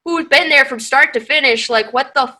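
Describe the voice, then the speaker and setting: A young woman with a bright, forceful voice pitched a little high tells a story in casual podcast chat. She is animated and swears freely as she acts out who said what. It sounds like a video call mic. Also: moderate pace, rough recording. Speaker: podcast co-host.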